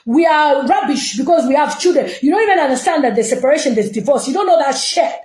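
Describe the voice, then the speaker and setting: A woman's voice: high-pitched, animated, fast, darkish tone, reverberant, rough recording. A woman from Zambia, giving an impassioned, scolding reaction rant full of rhetorical questions. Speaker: online commentator.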